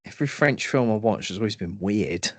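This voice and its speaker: With a fairly low voice, a British man co-hosts a podcast, talking a little fast and sounding animated in a dry recording. He tells folklore stories casually, chatting away and mocking himself.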